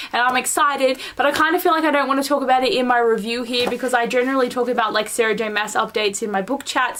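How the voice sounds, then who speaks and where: An Australian woman with a fairly high voice talks through a casual book review. She is chatty and animated, and "like" fills nearly every sentence. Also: slight background noise. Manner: chatty and animated, heavy use of "like".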